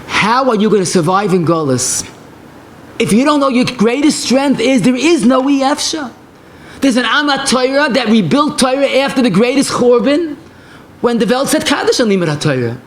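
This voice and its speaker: A man's voice: extremely high pitch, animated, normal speed. A man giving a passionate Torah lecture as a rabbi, telling stories in mixed with Hebrew and phrases.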